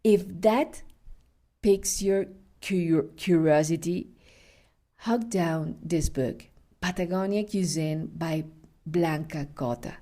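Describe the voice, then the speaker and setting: Slow, mellow-voiced woman podcast host. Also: sits low. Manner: unhurried, chatty storytelling with laughs and self-corrections. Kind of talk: casual food podcast with storytelling.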